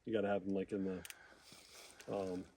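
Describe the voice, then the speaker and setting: A man outdoors in the woods telling a hunting story in a casual way. He is animated, acts out what people said, and chuckles as he goes. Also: low-pitched, normal speed, slight background noise. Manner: animated, quotes people with small voice changes, chuckles.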